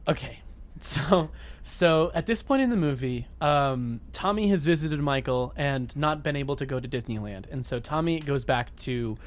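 A man recaps a movie in loose, casual podcast chat, laughing often and restarting his sentences. His fairly high voice leaps around lively. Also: normal speed. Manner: giggly, rambling with many restarts. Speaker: podcast co-host.

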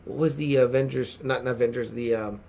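A man from San Antonio, Texas, co-hosting a podcast, chatting casually and acting out excited quotes. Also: medium pitch, fairly quick, gravelly, a little hiss or hum. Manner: animated storytelling, acts out excited quotes. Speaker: podcast co-host. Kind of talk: casual chat.

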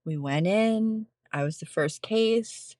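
A woman's voice: mid-range voice, takes it slowly, a little mellow, dry recording. A woman in her thirties, a nurse, candidly telling a personal story in casual chat with frequent laughs. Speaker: podcast guest, postpartum nurse.

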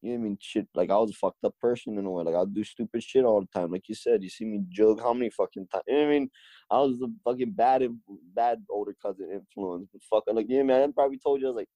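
A man's voice: lowish voice, fast talker, mellow, dry recording, low-quality recording. A young man from Hawaii, a podcast guest in casual chat, rambling and swearing a lot. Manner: rambling, swears a lot, repeats "you know what I mean".

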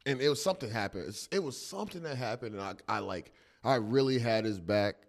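A man's voice: medium pitch, lively intonation, quick pace. A young man, a teacher, chatting casually on a podcast, telling loose stories, acting out quotes and laughing often. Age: young adult. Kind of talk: casual chat.

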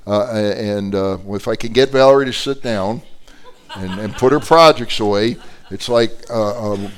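A man's voice: fairly low pitch, a little slow. A man teaching an adult Bible class as a pastor, telling stories animatedly with many fillers and restarts.

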